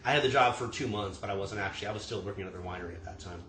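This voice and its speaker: Brief: easygoing, joking tasting-room manager chatting on a stream from a roomy, slightly noisy space. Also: male voice, lowish voice, rapid-fire, fairly bright tone. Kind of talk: casual livestream chat. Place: home room. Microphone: video stream mic.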